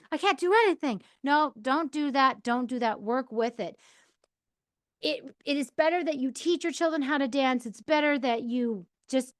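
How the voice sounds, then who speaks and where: A woman's voice: on the high side, no room sound, clean studio sound. A middle-aged woman hosting a podcast, giving casual, encouraging advice straight to the listener. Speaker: podcast host.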